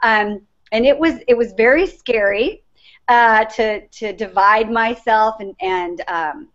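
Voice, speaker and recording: A woman's voice: medium pitch, a bit bright. A middle-aged woman guest in an interview, telling her story in an earnest, reflective way. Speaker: guest, life coach. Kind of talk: interview conversation. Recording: dull lo-fi sound.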